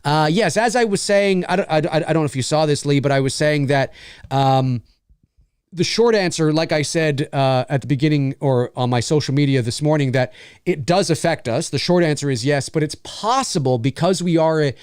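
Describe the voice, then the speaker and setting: A man's voice: fairly high pitch, moderate pace, clean tone, dry recording, clean studio sound. A man from Canada hosting a casual live-stream Q&A, rambling, repeating phrases and reading out viewers' comments.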